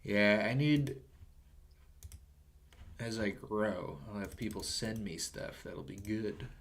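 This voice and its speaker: A man's voice: on the low side, takes it slowly, slight background noise. A man casually chatting on his reaction stream, offhand and mumbling.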